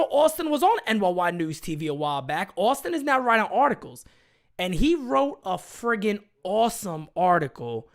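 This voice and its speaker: A man hosting a live fan chat stream, loud and hyped, ranting and often shouting. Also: high-pitched.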